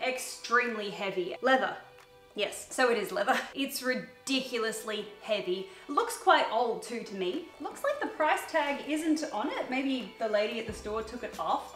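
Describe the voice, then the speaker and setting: A woman with an Australian accent chatting casually through a thrift haul vlog, bubbly and full of quick asides. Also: a little high, fairly bright tone. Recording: echoey room, faint music behind.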